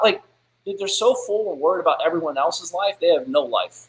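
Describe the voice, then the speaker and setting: High-voiced, blunt motivational host in an echoey room. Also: male voice, lively intonation, a little fast, a bit bright. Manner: blunt, profane, preachy, fired-up. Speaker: business podcast host. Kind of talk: live-streamed motivational rant.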